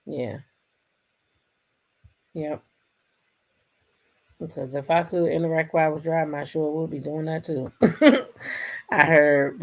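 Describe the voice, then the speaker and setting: A woman hosting a casual commentary stream, reacting to a clip with exclamations. She speaks straight to her viewers in an animated, chatty way. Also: low-pitched, takes it slowly, creaky, pauses often. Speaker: host.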